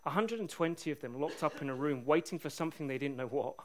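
A male preacher delivering a sermon with lively, humorous storytelling. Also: fairly high pitch, quick pace.

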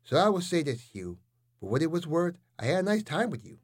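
A man hosting and narrating comic stories, delivering absurd lines in a deadpan, animated way. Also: on the high side, a little fast. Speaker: host and narrator. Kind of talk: comic storytelling.

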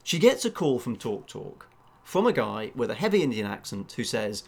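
Lively man telling a story. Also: medium pitch, normal speed, vocal fry, husky. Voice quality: talks with many fillers and restarts, acting out quoted voices. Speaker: journalist and podcast host. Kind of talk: casual storytelling chat.

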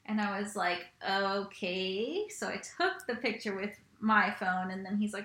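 Bright-voiced chatty young woman. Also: medium pitch, a little slow. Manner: chatty, animated, laughs often. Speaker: podcast co-host. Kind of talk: casual chat. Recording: echoey room.

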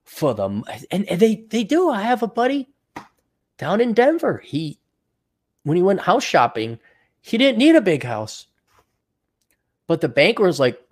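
A fairly high-pitched American man hosting a solo podcast. He rants with blunt sarcasm and swears freely, mocking the people he talks about. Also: very animated, moderate pace. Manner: blunt, profane, sarcastic ranting. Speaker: podcast host.

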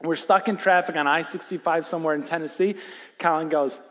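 A middle-aged man preaching a sermon in a church, telling a family story with animated, self-deprecating humor. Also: fairly high pitch, a little fast. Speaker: pastor. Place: church sanctuary. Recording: reverberant church hall.

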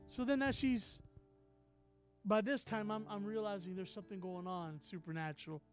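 A man preaching a sermon and telling a story in an animated way, acting out each person in it. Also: high-pitched, moderate pace, faint music behind. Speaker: apostle, preacher.

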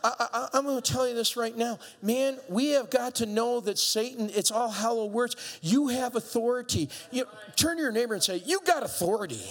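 Male pastor, very high gravelly voice, shouting sermon delivery with acted-out voices, long hall reverb. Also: moderate pace, few pauses. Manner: preaching with rising shouts and playful asides; acts out voices of biblical figures.

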